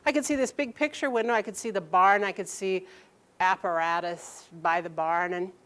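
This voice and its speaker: A woman telling a personal story aloud, halting and restarting sentences and acting out the people she quotes. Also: on the low side, fairly bright tone.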